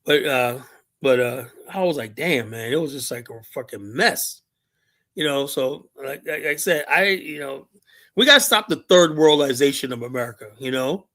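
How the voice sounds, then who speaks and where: A man's voice: mid-range voice, moderate pace, bright, forceful tone. A middle-aged man from Liberia co-hosting a talk show, ranting in a profane, rambling way with lots of fillers. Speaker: show co-host. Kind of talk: heated opinion talk.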